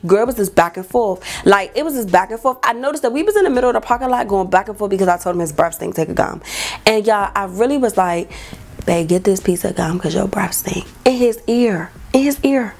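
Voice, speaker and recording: A young woman, telling a dating story vlog and acting out quotes in a high voice. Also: expressive, quick pace, darkish tone. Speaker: vlogger.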